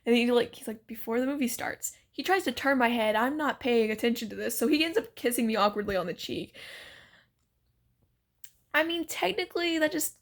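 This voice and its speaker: A woman's voice: a little high, animated, brisk. A woman telling a story to her vlog in a chatty, giggly way, full of "like" and "so basically," while she is sick. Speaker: vlogger.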